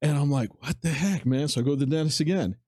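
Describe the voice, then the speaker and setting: A man's voice: a little high, fast, dark tone, breathy edge, dry recording. A man hosting a podcast, telling a story in loose, informal chat and acting out both sides of the conversations, with some mild swearing. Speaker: podcast host.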